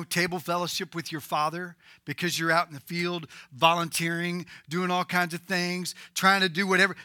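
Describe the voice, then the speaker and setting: A male pastor delivering a sermon with a very bright, ringing tone. He swings from loud, emphatic bursts to low, hushed lines. The sound is close and dry. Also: no room sound. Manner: dynamic preaching, swinging between loud emphatic bursts and low quiet passages.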